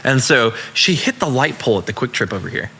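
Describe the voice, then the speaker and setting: A young adult man, a musician guest on a podcast, telling stories in a casual, profane, animated way and acting out voices. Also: mid-range voice, fast, slight background noise. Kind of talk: casual storytelling.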